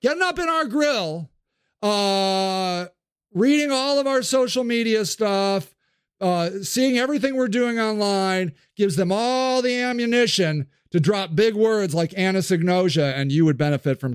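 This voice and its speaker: A man's voice: sits high, unhurried, clear, resonant tone, dry recording, studio quality. A man hosting a podcast, delivering an impassioned, profane spoken-word monologue. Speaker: podcast host.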